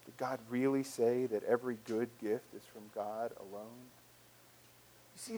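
A man's voice: high-pitched, low-quality recording. A male pastor preaching a sermon in an earnest, conversational way, often restarting his phrases.

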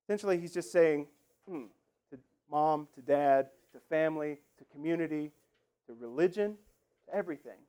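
A man's voice: a little high, normal speed, warm tone, smooth. A man preaching a sermon in a conversational, emphatic way, acting out the lines he quotes. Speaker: pastor.

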